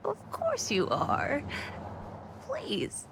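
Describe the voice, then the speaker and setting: Creaky old shopkeeper lady. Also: high voice, wildly swooping pitch, background noise, heavily acted. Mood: welcoming. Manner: slow, gracious, welcoming. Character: creaky old woman curiosity-shop keeper, genteel. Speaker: video game character.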